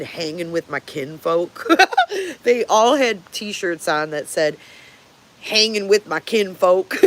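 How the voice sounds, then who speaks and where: An older woman hosts a casual livestream and answers her viewers one by one. She is blunt and swears freely, with frequent chuckles. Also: on the low side. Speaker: livestream host.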